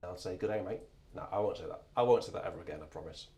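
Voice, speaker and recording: A man's voice: low-pitched, very fast, vocal fry, warm tone. A man from England hosting a live organ stream, chatting casually and rambling with self-mocking asides. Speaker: organist and livestream host. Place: church organ loft.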